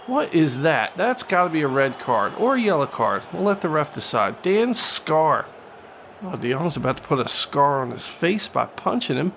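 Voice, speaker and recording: A man hosting a gaming channel, giving jokey mock-announcer play-by-play of a football video game and shouting at the big plays. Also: on the high side, moderate pace, gravelly, slight background noise. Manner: excitable, jumps into loud shouts at big plays. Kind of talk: playful game commentary.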